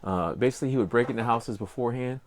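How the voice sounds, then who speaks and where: A man's voice: medium pitch, quick pace, a little hiss or hum. An older man with a Cajun accent, co-hosting a casual podcast and telling a rambling story full of fillers. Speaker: podcast co-host. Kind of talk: casual chat.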